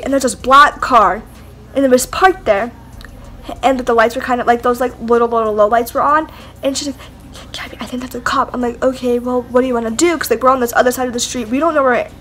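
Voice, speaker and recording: A woman's voice: high-pitched, a bit bright, slight background noise. A young woman vlogger telling a rambling story in casual chat, full of "like" and "whatever". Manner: rambling, heavy use of "like" and "whatever".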